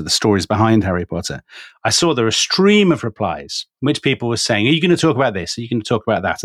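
Teasing, low-voiced male podcast co-host. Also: dry recording, clean studio sound. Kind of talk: conversational podcast chat.

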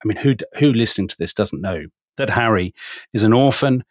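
A man co-hosts a podcast as an author, arguing his points in a teasing, animated way, full of hedges and asides. His voice sits fairly low for a man. The sound is close and dry. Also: a little fast, no room sound. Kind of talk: conversational podcast chat.

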